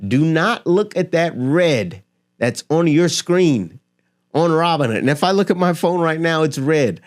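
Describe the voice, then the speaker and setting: A man's voice: a little high, lively intonation, measured pace. A man speaking straight to his viewers in a motivational talk about money, emphatic and building his points with rhetorical questions and repetition. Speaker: finance and motivation creator. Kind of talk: direct-to-camera motivational talk.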